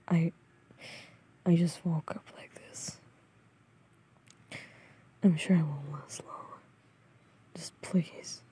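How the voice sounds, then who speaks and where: A woman's voice: fairly low pitch, dark tone, exaggerated voice. Killua, a woman playing a grumpy whispering young man. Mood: irritated. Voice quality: husky, breathy whisper. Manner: curt, irritable, mocking. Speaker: voice actor. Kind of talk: whispered role-play.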